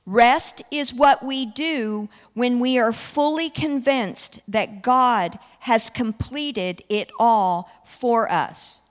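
A woman delivers a sermon with a high voice and an emphatic manner. She slows down to stretch out the key words. Her voice rings through a hall with a long reverb. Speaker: preacher.

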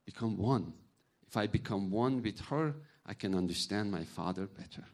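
A man's voice: on the low side, moderate pace. Man preaching. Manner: animated storytelling, acts out voices, non-native grammar. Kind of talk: sermon with personal stories.

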